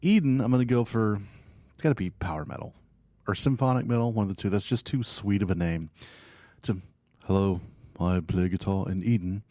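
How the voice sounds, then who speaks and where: A man's voice: lowish voice, lively intonation, brisk, mellow, no room sound, clean studio sound. A man hosting a casual metal review show, talking in a loose, rambling, jokey way with lots of fillers. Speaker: podcast host reviewing metal bands.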